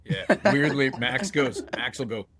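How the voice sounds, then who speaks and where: A man on a podcast, chatting casually and telling lively stories with slang and frequent laughter. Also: medium pitch, measured pace, a crowd in the background. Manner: animated storyteller, laughs often, slangy. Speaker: podcast co-host. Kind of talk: casual chat.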